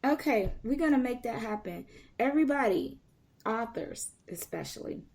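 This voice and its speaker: A woman's voice: on the high side, lively intonation, normal speed, darkish tone. A woman hosting a podcast interview, upbeat and enthusiastic, laughing often. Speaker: podcast host. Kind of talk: casual interview chat.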